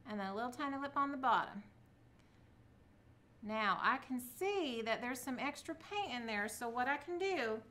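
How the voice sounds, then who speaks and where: Bright chatty woman crafting. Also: fairly high pitch. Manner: chatty, self-encouraging, talks to viewers. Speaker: craft vlogger. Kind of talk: casual craft tutorial.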